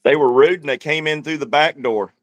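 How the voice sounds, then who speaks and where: A man's voice: fairly high pitch, fairly quick, no room sound. A man co-hosting a casual livestream chat, talking in a laid-back, wry drawl. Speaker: livestream co-host.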